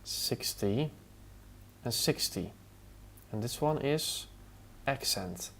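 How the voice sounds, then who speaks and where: A man's voice: mid-range voice, slow, a little hiss or hum. A man on a casual live stream, thinking aloud as he works and answering viewers' questions between tasks. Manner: muttering to himself, answering chat between tasks. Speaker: live streamer testing design software. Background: relaxed music playlist.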